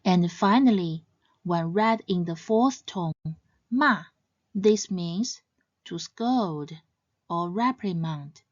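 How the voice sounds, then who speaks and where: A woman giving a scripted educational narration as a language teacher, in a measured, clearly explaining way. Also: fairly low pitch, darkish tone, dry recording, highs cut off.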